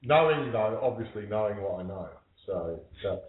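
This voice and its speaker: A man's voice: fairly low pitch, expressive, normal speed. Reflective man on an echoey phone line. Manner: reflective, repeats words as he starts. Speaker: panelist. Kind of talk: casual panel discussion. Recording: tinny, echoey phone line with faint hiss.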